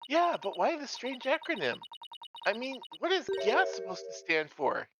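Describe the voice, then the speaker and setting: A woman voicing an upbeat young female lawyer sidekick in an amateur game reading, with bright, curious questioning. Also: a little high, wildly swooping pitch, normal speed, over music, voice pushed up.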